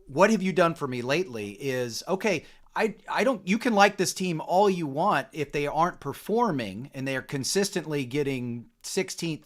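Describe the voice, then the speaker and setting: Man hosting, slightly high voice. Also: fairly bright tone. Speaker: podcast host. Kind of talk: casual podcast talk.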